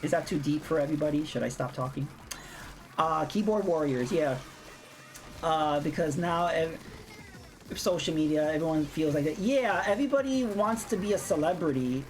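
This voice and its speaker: A woman's voice: low voice, normal speed, a little mellow. A woman streamer ranting bluntly in casual chat while playing a game, swearing freely. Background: faint game music.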